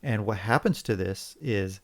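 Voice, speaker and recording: A man co-hosting a podcast in casual opinion chat, sarcastic and halting with restarts. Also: fairly low pitch, a bit bright. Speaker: podcast co-host.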